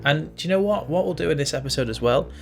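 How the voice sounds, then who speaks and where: A young man hosts a casual screen-recorded writing tutorial, chatting and thinking aloud as he fills out a form. He talks fast in a fairly high, expressive, creaky voice. Faint music, light background noise, and typing clicks can be heard behind him.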